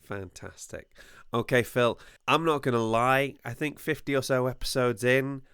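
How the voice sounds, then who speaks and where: A man's voice: mid-range voice, moderate pace, fairly bright tone, clear, resonant tone, no room sound. A man hosting a podcast, chatting casually with a dry, wry humour. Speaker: podcast host. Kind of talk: casual chat.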